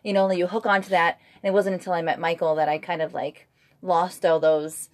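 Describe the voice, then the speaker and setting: An American woman co-hosting a podcast with her husband, telling stories in a lively, laughing way. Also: lowish voice, fairly quick. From United States. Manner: animated, laughing, acts out quoted voices. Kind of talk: casual chat.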